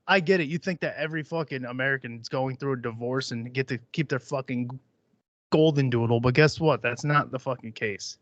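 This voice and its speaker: A man's voice: medium pitch, steady tone, brisk, fairly bright tone, dry recording. A man hosting a podcast, ranting casually in a profane, sarcastic, mocking way. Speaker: podcast host. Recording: dry, dull lo-fi sound.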